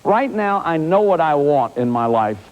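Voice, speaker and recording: A man's voice: fairly high pitch, normal speed. A man in his fifties giving a self-help lecture, acting out examples, often restarting his sentences. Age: 50s. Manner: animated, acts out examples, frequent restarts. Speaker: therapist and lecturer. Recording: dull lo-fi recording.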